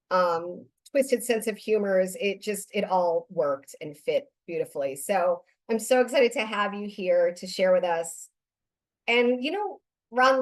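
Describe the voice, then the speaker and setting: Upbeat woman hosting an interview. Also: medium pitch. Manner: upbeat, enthusiastic introducer. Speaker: interview host. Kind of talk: casual interview talk.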